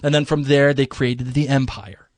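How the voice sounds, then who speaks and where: A man's voice: mid-range voice, moderate pace, no room sound. A man co-hosting a podcast, explaining history in a casual, chatty way. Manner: chatty, lively, slips into mock voices for laughs. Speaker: podcast co-host.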